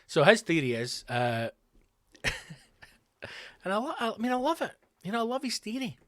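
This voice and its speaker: Man, comic monologue, fairly high voice, dry close sound. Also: huge pitch swings, a little slow, no room sound. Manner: rambling storytelling with sudden loud, incredulous outbursts. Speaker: comedian and podcast host. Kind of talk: comedic monologue.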